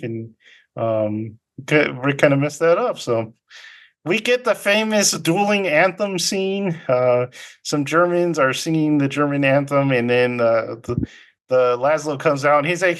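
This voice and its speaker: A man casually recapping a film's plot as podcast host, rambling and halting with many fillers and quick imitations of characters. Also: medium pitch, a bit bright.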